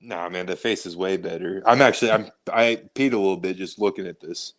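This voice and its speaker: With a deep voice and a brisk pace, this man co-hosts a podcast, keeping the casual talk blunt and sarcastic while peppering it with "like."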